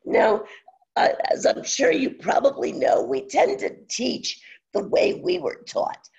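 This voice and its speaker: Older teacher in their 60s on a webinar, super scratchy strained voice, pitch jumps all over, dull lo-fi audio. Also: huge pitch swings, creaky, darkish tone. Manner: halting, with many pauses and fillers. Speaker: online instructor. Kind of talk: webinar presentation.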